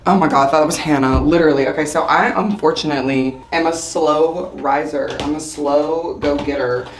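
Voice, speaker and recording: Hoarse chatty woman vlogging. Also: low voice, a little fast, background noise. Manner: chatty, rambling, laughing often. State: losing her voice, hoarse. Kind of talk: casual chat to camera. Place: hotel bathroom.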